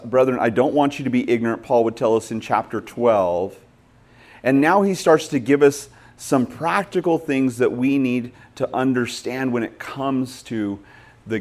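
A man's voice: medium pitch, darkish tone. A middle-aged male pastor preaching a sermon, talking conversationally and telling stories with emphatic stress.

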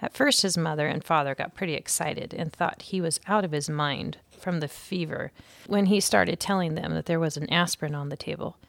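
A woman teacher reads a children's chapter book aloud for young listeners, giving each character a voice. Her voice is lowish with a gravelly edge, recorded dry and close. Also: normal speed, no room sound. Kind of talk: storybook read-aloud.

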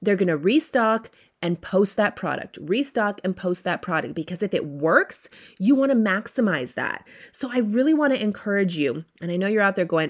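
A woman's voice: medium pitch, very animated, moderate pace, hardly any pauses. A woman hosting a solo podcast, coaching retail owners in a chatty, upbeat way and acting out her listeners' inner voices.

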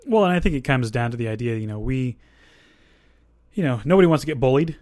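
A man's voice: medium pitch, lively intonation, quick pace, darkish tone, no room sound, studio quality. A man hosting a faith podcast, talking casually and thinking aloud with asides and restarts. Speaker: podcast host.

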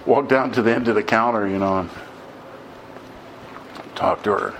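A middle-aged man preaches in a relaxed, conversational way, drifting into stories and acting out both sides of the conversations. His voice sits a little low, and a faint hiss hangs under the recording. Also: moderate pace. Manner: conversational storytelling, acting out dialogue. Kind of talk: informal sermon.

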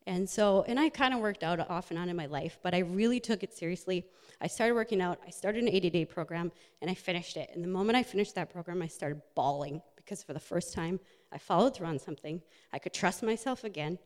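A woman's voice: lowish voice, fast talker. A woman, a nurse and wellness coach, giving a personal motivational talk with slides, earnest and full of fillers. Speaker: speaker, health and wellness coach. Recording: echoey hall.

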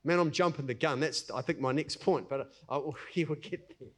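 Nz pastor guy preaching, chatty, acts out little scenes, pretty high voice. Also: a little fast, fairly bright tone. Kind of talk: sermon.

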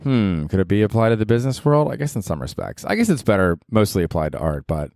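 A young man with a lowish voice hosts his own podcast alone and rambles through stories with plenty of swearing. He keeps laughing at himself and tosses "dude" into nearly every thought. The recording is close and dry, with no room sound. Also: big pitch swings, fast, gravelly, a little mellow, dry recording. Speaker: podcast host. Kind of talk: casual solo podcast storytelling.

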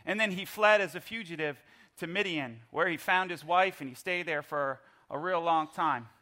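A middle-aged pastor preaches a sermon through playful, animated storytelling. His voice sits high for a man, and it has a bright, forceful edge. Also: normal speed.

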